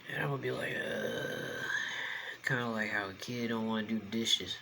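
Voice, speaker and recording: A young man talks to the camera between bites in a loose, rambling way, often with food in his mouth. His voice has a bright, forward edge. A faint room hum sits behind him. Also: fairly low pitch, fast, low-quality recording. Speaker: mukbang vlogger. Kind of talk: casual chat to camera while eating.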